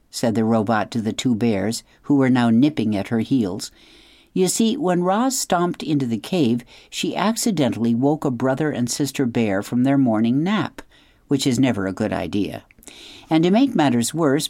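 Her voice rumbles low in a clean studio recording with no room sound. As a radio host, she reads from a children's novel in scripted storybook narration, measured and expressive, dropping into hushed dramatic asides.

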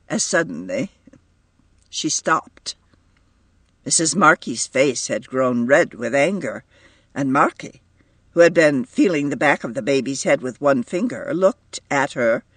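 Male audiobook narrator, slow and expressive, slightly raised pitch. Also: breathy edge, dry recording. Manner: measured, expressive storytelling.

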